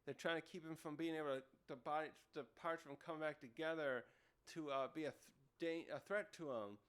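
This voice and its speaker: The speaker, a manga reviewer, casually works through a comic chapter, musing aloud with plenty of mid-sentence self-corrections. His voice runs high, fairly bright, clear and resonant, and he talks a little fast.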